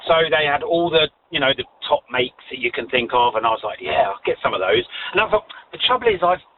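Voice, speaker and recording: A man's voice: a little high, fast talker. A man from the UK telling a rambling, self-deprecating story in casual chat, with frequent giggles. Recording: tinny phone-like line, faint noise.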